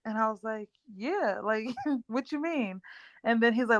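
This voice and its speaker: A woman in her thirties co-hosting a podcast, a relaxed storyteller who laughs easily. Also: fairly high pitch, a little slow, no echo. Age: 30s. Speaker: podcast co-host. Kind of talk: casual chat and storytelling.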